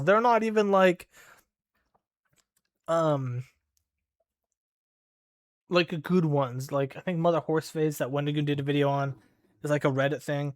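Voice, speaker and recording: A man's voice: a little high, unhurried, pauses often, clean tone, no room sound, studio quality. Rambling, foul-mouthed young streamer man. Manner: rambling, profane, lots of 'like' fillers. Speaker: game streamer. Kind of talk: casual storytelling while gaming.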